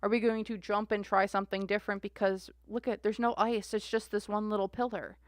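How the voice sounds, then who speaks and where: A woman's voice: mid-range voice, little pitch movement, fairly quick, no echo, clean studio sound. A woman doing a live-stream tarot reading, musing aloud with many restarts and fillers. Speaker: tarot reader.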